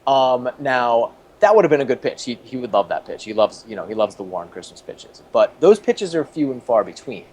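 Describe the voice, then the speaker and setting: Casting: man in his 30s, mid-pitched, rambling anecdotal guest, laughs a lot. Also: very animated, fairly quick, few pauses, darkish tone. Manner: rambling, many restarts, chuckles often. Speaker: interview guest, former TV producer. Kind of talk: casual storytelling in an interview.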